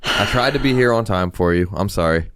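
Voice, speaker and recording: A man's voice: lowish voice, expressive, a little fast, fairly bright tone, no echo. A man who is a guest on a podcast, joking casually in a self-deprecating way, recorded in a studio. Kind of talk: casual chat.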